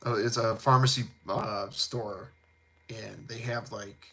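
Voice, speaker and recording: A man's voice: fairly low pitch, fairly even intonation, slow, creaky, a bit bright. A young man from Illinois hosting a casual fragrance chat, blunt and profane, rambling with lots of fillers. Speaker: fragrance channel host.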